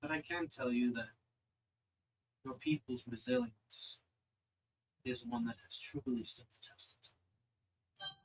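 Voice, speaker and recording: A game master voicing an ancient female celestial being who speaks slowly and solemnly. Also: mid-range voice, huge pitch swings, creaky, slight background noise, heavily acted, poor audio. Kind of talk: voicing a character in a tabletop game.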